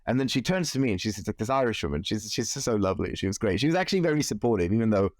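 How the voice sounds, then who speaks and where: A man in his forties, a musician being interviewed, telling animated stories with frequent laughs. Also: lowish voice, very fast, no room sound, studio quality. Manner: animated anecdotes, laughs often, acts out quoted voices. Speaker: musician guest. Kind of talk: casual interview storytelling.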